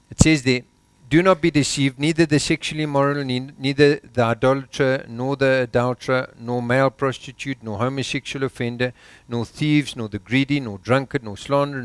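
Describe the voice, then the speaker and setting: A South African pastor preaching a sermon in church, exhorting with rhetorical questions and dropping his voice low for emphasis. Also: dry recording.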